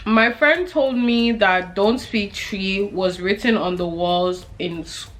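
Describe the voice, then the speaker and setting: A woman's voice: mid-range voice, slow pace, a bit bright. A young woman reading her diary aloud and reflecting on it in a casual, chatty way, laughing often and acting out the people she quotes.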